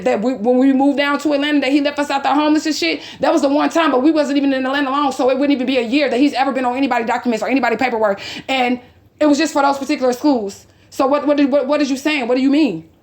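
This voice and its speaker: High-pitched woman vlogger, heated and profane, retells a quarrel line by line. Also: steady tone, fast talker, a little mellow. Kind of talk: angry personal storytelling.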